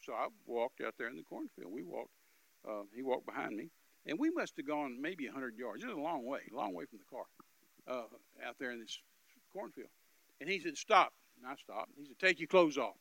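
A man giving an animated, emphatic storytelling testimony as a minister, with repetitive phrasing and loud bursts. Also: medium pitch, a little fast, gravelly, slightly rough, poor audio.

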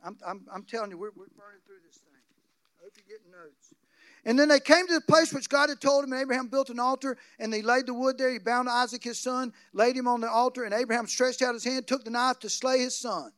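Pastor guy preaching, high voice, drops soft then goes loud, dry close sound. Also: fast talker, no room sound. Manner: swings from quiet asides to loud preaching bursts. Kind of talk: sermon.

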